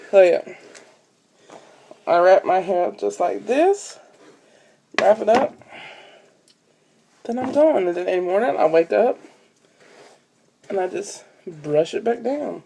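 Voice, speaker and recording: Young woman vlogger, rambling casual chat into a phone, fry in the voice. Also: fairly low pitch, warm tone. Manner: chatty, rambling with many fillers. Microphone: phone camera.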